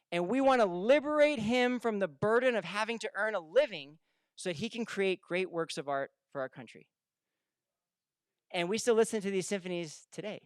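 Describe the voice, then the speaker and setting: Man, high voice, smooth and crisp, energetic seminar speaker, asks the audience questions, dry close sound. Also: dry recording. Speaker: financial advisor speaking at a seminar. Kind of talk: live seminar talk to an audience. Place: room with a live audience.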